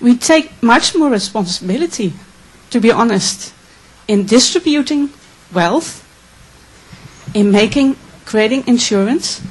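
Woman from the Netherlands, audience question, husky higher voice, earnest and emotional. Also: expressive, a little slow, poor audio.

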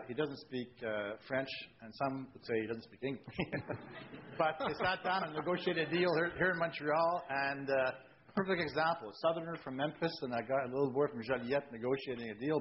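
A man's voice: mid-range voice, muffled recording, a little hiss or hum. A man, a railway executive, telling jokey anecdotes on a discussion panel.

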